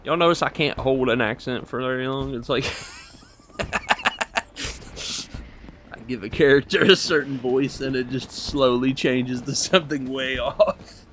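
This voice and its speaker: A man's voice: mid-range voice, steady tone, measured pace, long pauses, a bit bright, a little hiss or hum. A man chatting casually while he plays a game, laid-back and self-mocking. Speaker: gaming video creator. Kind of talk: casual gameplay commentary. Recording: faint game music behind.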